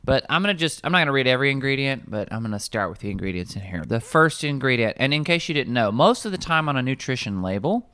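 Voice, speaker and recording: Wry, animated man reading food labels. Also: mid-range voice, quick pace, few pauses, smooth. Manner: animated, wry, lists ingredients aloud. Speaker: nutrition coach. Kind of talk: casual kitchen chat, reading labels. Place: office kitchen.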